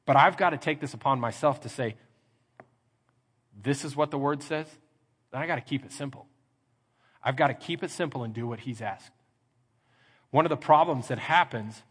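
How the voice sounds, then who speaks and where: A middle-aged man preaching a sermon as pastor, lively and acting out little scenes in mock voices. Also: mid-range voice, husky. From Texas. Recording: reverberant church hall.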